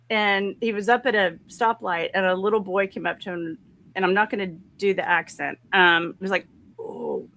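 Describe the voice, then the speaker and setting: A woman's voice: mid-range voice, fairly bright tone. A woman from the American South, a guest in a casual chat who laughs often while telling family stories.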